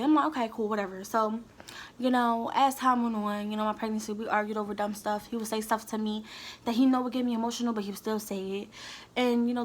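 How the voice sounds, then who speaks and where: A woman's voice: on the high side, slight background noise. A young woman telling a candid, heated storytime straight to her viewers. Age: young adult. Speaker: vlogger. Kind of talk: storytime vlog.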